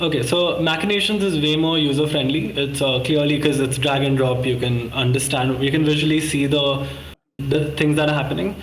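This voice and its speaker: A man's voice: fairly high pitch, reverberant, slight background noise, poor audio. A man walking through a model on a video call, rambling and correcting himself with many fillers. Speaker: course participant presenting a model. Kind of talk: casual screen-share walkthrough.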